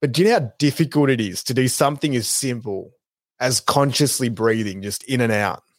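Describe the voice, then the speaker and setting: A man's voice: medium pitch, brisk, no room sound, studio quality. A man co-hosting a podcast, talking in an easygoing, reflective way. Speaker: podcast co-host. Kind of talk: casual podcast chat.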